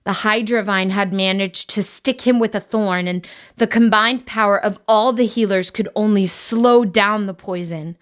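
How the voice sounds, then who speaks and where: A woman voicing a friendly, nervous boy in a lower, hushed and hesitant voice. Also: normal speed, clean tone, natural voice.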